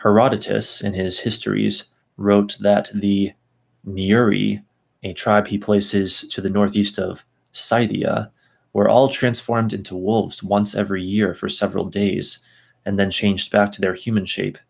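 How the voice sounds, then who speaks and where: Low gravelly man reading aloud. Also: level tone. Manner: reads aloud slowly, stopping for asides and second tries at names. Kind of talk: casual reading and commentary.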